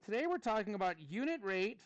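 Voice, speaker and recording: Animated man in his thirties teaching. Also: sits high, fast, dull audio. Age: 30s. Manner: animated, playful, chatty with students. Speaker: math teacher. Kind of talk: classroom lesson. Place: classroom.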